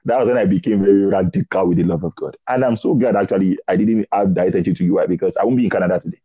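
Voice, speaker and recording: A young man from Nigeria sharing a personal faith testimony in conversation, animated and acting out dialogue. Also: deep voice, fast talker, slightly rough, no echo. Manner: animated storytelling, acts out dialogue, repeats words. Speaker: guest preacher. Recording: dull lo-fi dry sound.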